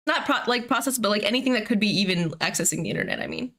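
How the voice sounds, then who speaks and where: Woman streamer, home setup, bright ringing tone, giggly rambling chatter. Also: medium pitch, lively intonation, very fast. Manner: giggly, rambling with many fillers. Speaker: streamer and host. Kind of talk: casual live-stream chat.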